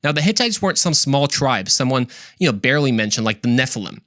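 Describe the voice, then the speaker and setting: A man's voice: medium pitch, very animated, quick pace, pushed and bright, dry recording, clean studio sound. A man hosting his own show, telling history in a casual storytelling monologue, chatty and self-correcting with frequent asides. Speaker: host.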